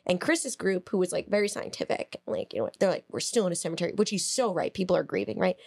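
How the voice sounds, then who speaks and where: A woman co-hosting a podcast, telling a story in a casual, animated way, laughing, swearing and acting out quotes. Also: fairly low pitch, fast, creaky, dry recording. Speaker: podcast co-host.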